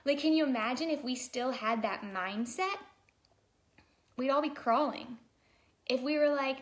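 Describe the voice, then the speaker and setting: A woman vlogger gives a casual motivational talk straight to her viewers. Her voice sits a little high, and she talks in a chatty way, full of "like" and "you know". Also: animated, measured pace, long pauses. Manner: chatty, fillers like "like", addresses viewers directly. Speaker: vlogger and daycare provider.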